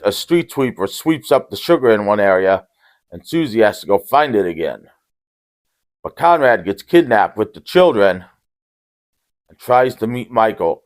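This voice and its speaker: A man giving a casual, rambling movie recap with deadpan jokes and frequent restarts. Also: lowish voice. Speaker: movie reviewer.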